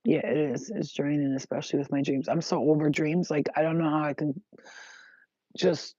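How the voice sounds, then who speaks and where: A woman's voice: low-pitched, steady tone, moderate pace, mellow, slightly rough, no echo. A woman vlogging to her viewers, venting emphatically and profanely in a rambling monologue. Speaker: spiritual vlogger. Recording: dull, dry lo-fi recording.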